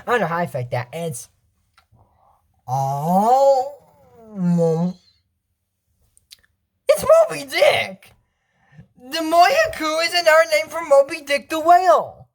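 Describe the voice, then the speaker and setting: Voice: high-pitched, sing-song, slow pace, long pauses. A speaker casually recapping a cartoon episode in a rambling, chatty way, often trailing off and laughing.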